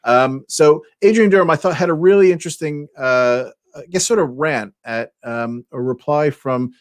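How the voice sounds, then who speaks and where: A man's voice: fairly high pitch, moderate pace, no echo, clean studio sound. A man hosting a casual podcast chat over a remote call, talking hesitantly with many fillers. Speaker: podcast co-host.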